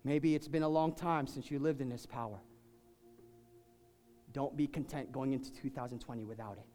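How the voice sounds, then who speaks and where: A man preaching a sermon, swinging from quiet, intimate talk to shouted, fervent peaks. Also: mid-range voice, normal speed. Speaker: pastor. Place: church sanctuary. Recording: long hall reverb, faint music.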